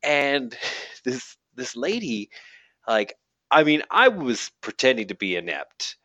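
A man's voice: medium pitch, very animated, takes it slowly, pushed and bright, dry recording, rough recording. A man casually retelling a funny story between friends, laughing often and acting out the people he quotes.

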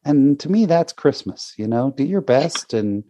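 A man's voice: mid-range voice, expressive, a little slow, mellow, no echo, dull audio. A man hosting a podcast, talking in a heartfelt, rambling way with many restarts about his faith. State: near tears. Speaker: podcast host. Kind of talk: casual faith conversation.

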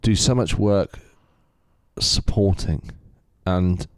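Laid-back male co-host, deep voice, dry sound. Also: takes it slowly, smooth, no echo. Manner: relaxed and supportive. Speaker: podcast co-host. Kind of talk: casual podcast chat.

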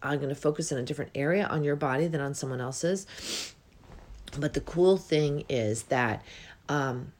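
A woman giving an unhurried, reflective spiritual talk as a healing coach, with many pauses and yawns. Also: sits low, a little mellow, slight background noise. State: yawning.

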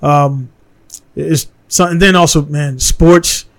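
Man, from Baltimore, podcast host, blunt and heated, keeps saying man, slightly high voice, studio recording. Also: fairly even intonation, takes it slowly. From Baltimore, USA. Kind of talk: casual podcast conversation.

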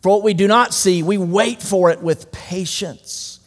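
A man's voice with a slightly high pitch delivers an emphatic sermon in a large room. He swings from loud declarations to hushed, close asides. Long reverb trails every phrase. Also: a little slow. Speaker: pastor.

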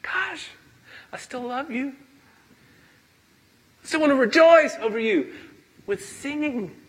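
A man playing God in a sermon, hushing and doting on someone in a soft voice. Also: very high-pitched, expressive, slow, voice pushed up, full character voice. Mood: tender. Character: tender loving God hushing a child.

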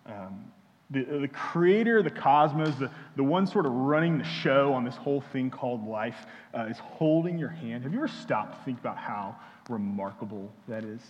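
A young man from Houston preaching a sermon, halting often with fillers and restarts as he speaks. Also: mid-range voice, lively intonation. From Houston, Texas. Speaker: pastor. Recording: dull sound in a reverberant hall.

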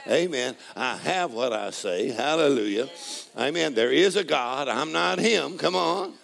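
A male preacher with a heavy rasp and fry in his voice, leading a congregation through a sermon. He trades calls and responses with them, sinking to hushed, intimate lines and climbing to shouted, almost sung praise. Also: animated, measured pace. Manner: call-and-response preaching, swings from low murmurs to shouted praise.

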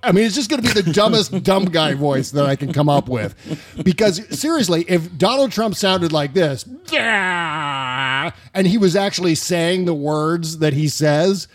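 A man hosting a political comedy podcast, rambling and profane and quick to laugh. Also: a little high, lively intonation. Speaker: podcast host. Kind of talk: casual political comedy chat.

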